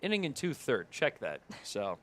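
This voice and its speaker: A man's voice: mid-range voice, huge pitch swings, moderate pace, a bit bright. A man with a Midwestern accent calling baseball play by play, his voice jumping up on big plays. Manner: rises sharply on big plays. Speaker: play-by-play broadcaster.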